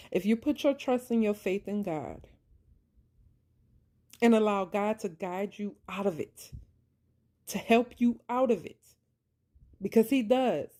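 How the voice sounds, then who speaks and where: This woman's mellow voice leans high as she tells, with passion, her story of faith and surviving abuse. A vlogger with a preacher's cadence, she repeats key points and addresses listeners as "y'all." The faith-based monologue is heartfelt, and her tired voice nearly gives way to tears.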